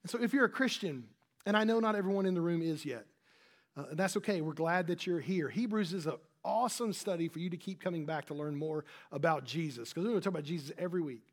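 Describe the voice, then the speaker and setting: A man's voice: fairly high pitch, fast talker. A man pastor giving a conversational sermon, with frequent restarts and fillers.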